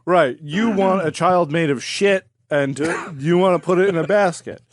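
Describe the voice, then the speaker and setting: A man co-hosting a comedy podcast who spins absurd hypotheticals for his friends. His voice sits somewhat high for a man. It is recorded dry and close. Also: moderate pace, no echo. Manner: spins absurd scenarios, puts on silly voices. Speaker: podcast co-host. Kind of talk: crude comedy banter.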